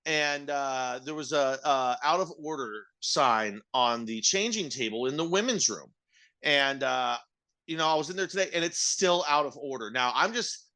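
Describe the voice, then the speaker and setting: A middle-aged man rants through a work story on a casual podcast, swearing freely. His voice is bright and forward. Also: medium pitch, animated, normal speed. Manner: profane ranting storyteller. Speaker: podcast co-host, restaurant manager.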